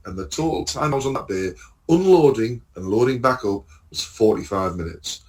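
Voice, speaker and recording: A middle-aged man from England spins a casual work story on a podcast. He acts out every quote and swears freely. His pitch sits right in the middle range. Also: lively intonation, moderate pace, fairly bright tone. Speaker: podcast co-host, lorry driver. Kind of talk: casual anecdote among friends.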